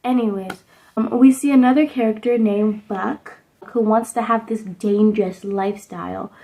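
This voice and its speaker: A woman's voice: medium pitch, warm tone, poor audio. A young woman vlogger recapping a movie in a casual, rambling way, with lots of "like" fillers, talking at home. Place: indoors at home under a sunset lamp.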